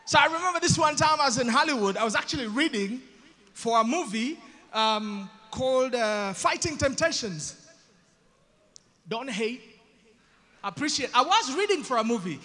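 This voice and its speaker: A man from Uganda with a Ugandan accent doing animated stand-up storytelling, acting out voices with self-mocking asides. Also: extremely high pitch, normal speed. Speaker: stand-up comedian. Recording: live in an echoey hall.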